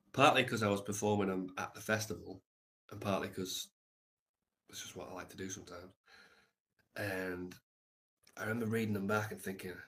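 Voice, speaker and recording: A man on a livestream telling a long story in a reflective, rambling way, swearing casually. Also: on the low side.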